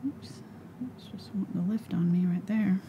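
A woman teaching a live painting lesson in a breathy, soft voice, often mumbling as if talking to herself. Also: on the low side, fairly even intonation, moderate pace, noisy background. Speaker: painting instructor.

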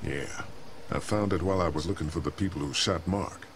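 Actor playing a grim low-voiced protector. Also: male voice, a little fast, slight background noise, close to an everyday voice. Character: weary grown man protecting a young girl.

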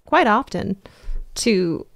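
A woman co-hosting a podcast, chatting in a bubbly, giggly, animated way as she tells stories. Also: medium pitch, slow pace, vocal fry, dry recording, clean studio sound. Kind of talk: casual chat.

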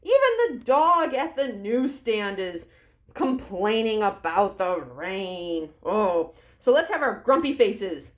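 A woman librarian leading children on a story walk along an outdoor park trail, playful and animated, acting out sounds as she walks. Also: medium pitch, slow pace. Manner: animated, playful, talks to kids; acts out sounds and character lines. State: walking outdoors while talking. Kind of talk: guided story walk for kids.

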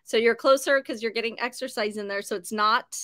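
A woman's voice: fairly high pitch, fairly even intonation, fairly quick, a bit bright, no echo, studio quality. A woman co-hosting a live show, chatty and encouraging as she quizzes viewers. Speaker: health segment co-host. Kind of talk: casual live-stream chat.

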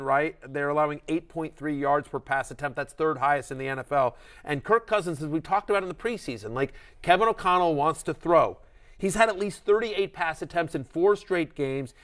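A middle-aged man hosting a fantasy football show, talking fast and animated, acting out voices as he rants. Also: on the high side. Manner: animated, ranting, acts out quoted voices. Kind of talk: excited sports analysis chat.

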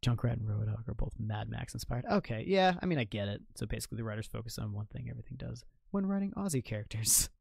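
A young man from Maine talks loosely while streaming a game, joking with chat and cursing freely. His voice sits at an ordinary middle pitch. The sound is dry and close, with no room around it. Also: animated, fast, creaky, few pauses, darkish tone, breathy edge, no echo. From Maine, United States. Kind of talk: casual live-stream chat while gaming.

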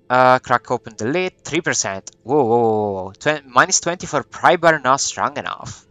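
A man's voice: medium pitch, lively intonation, normal speed, hardly any pauses, a bit bright, dry recording, soft background music. A man playing a video game, reading its text aloud and thinking aloud in a hesitant, musing way. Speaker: let's play gamer.

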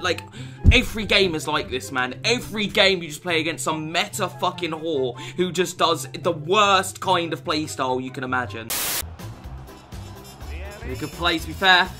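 Young gamer, high and very animated, foul-mouthed, drops to mutters then erupts. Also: male voice. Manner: swears constantly, swings from low muttering to shouting. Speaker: gaming YouTuber. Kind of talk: gameplay commentary.

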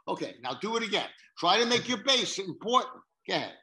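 A man's voice: high voice, sing-song, brisk, hardly any pauses, sharp tone, poor audio. A man from New York coaching a piano student, singing phrases on "da" syllables to show emphasis. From New York, USA. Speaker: piano teacher. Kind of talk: masterclass coaching.

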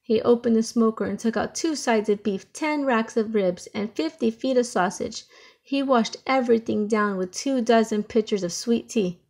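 A woman reading a children's picture book aloud with expressive storytelling. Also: on the high side, moderate pace. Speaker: storybook reader.

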